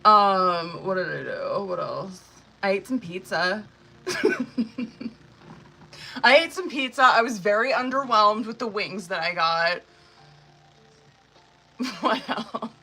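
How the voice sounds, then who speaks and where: A woman's voice: mid-range voice, slow, creaky, long pauses, pushed and bright, faint music behind, low-quality recording. A young woman, a tarot reader, chatting casually with her live-stream viewers, laughing often and swearing freely.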